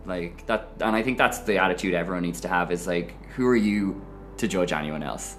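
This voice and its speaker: A man with an Irish accent, telling his own story to camera in a frank, animated way. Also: low-pitched, brisk, faint music behind. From Ireland. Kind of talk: personal testimony to camera.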